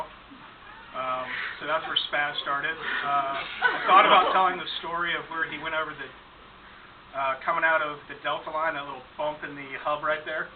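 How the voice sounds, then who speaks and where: Male flight instructor, dry humorous speech, with fillers, on a distant, phone-like, noisy recording. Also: fairly high pitch. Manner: dry storytelling with fillers and chuckles. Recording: far-off mic, phone-like sound, noisy room.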